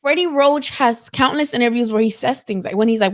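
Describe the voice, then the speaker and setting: A woman's voice: on the high side, fairly quick. A woman hosting a live boxing talk stream, chatting casually and animatedly, swearing freely and filling with "like" and "you know". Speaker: boxing show host.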